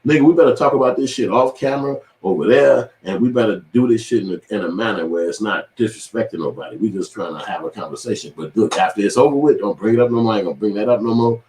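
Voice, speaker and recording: Man, channel host, low voice, fast talker, profane animated storytelling, echoey room. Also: a little hiss or hum. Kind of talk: casual commentary monologue.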